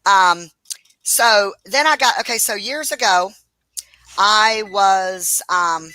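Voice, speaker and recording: A woman's voice: medium pitch, slow pace, no echo, rough recording. A woman hosting a home cooking show, telling rambling stories about her cats while she cooks. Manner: animated storyteller, rambling, laughs easily. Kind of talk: casual chat while cooking. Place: home kitchen.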